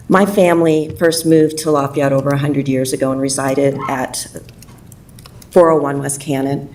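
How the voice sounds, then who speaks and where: A woman's voice: sits low, a little mellow, distant mic, a little hiss or hum, low-quality recording. A woman giving an unprepared public comment to a city council, nervous and emotional, speaking from the heart. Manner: heartfelt, pleading.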